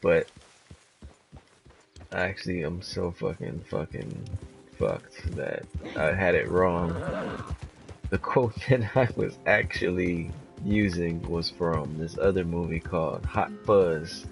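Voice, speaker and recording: A man's voice: sits low, slow pace, creaky, soft background music. A man giving casual, rambling commentary while playing a game, swearing often and laughing a lot. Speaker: gamer.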